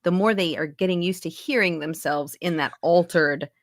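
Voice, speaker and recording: A woman's voice: lowish voice, normal speed, dry recording, clean studio sound. A woman who coaches accents and does voice-over work, chatting casually in an interview and explaining with lots of asides. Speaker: accent and dialect coach, voice actor. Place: home recording booth.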